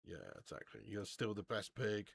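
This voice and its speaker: A man's voice: lowish voice, animated, moderate pace, vocal fry, a bit bright, husky, no echo, studio quality. Sweary, bantering football stream host, man. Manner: sweary, laughing banter with viewers; reads out viewer super chats. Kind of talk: live football watch-along chat.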